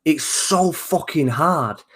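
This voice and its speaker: Man, casual talk show chat, animated, sweary, rambling restarts. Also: on the high side, takes it slowly, husky. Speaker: co-host of a wrestling talk show.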